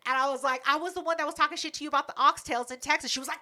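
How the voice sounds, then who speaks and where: Brash, high-voiced woman storyteller. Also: very fast, few pauses. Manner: brash, profane, animated retelling. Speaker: podcast co-host. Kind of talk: casual storytelling chat.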